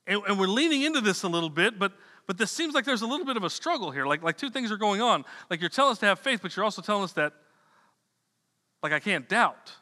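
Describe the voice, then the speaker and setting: A man's voice: high-pitched, big pitch swings, fast talker, bright, forceful tone. A man preaching a sermon in a loose, conversational way, repeating words and dropping slangy asides. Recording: long reverb of a hall.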